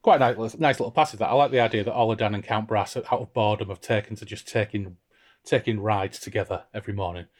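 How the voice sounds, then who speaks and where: A man co-hosting a book podcast, chatty and amused. His voice sits on the low side. He often restarts his phrases as he talks things through. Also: fast. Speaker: podcast co-host. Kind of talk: casual book discussion.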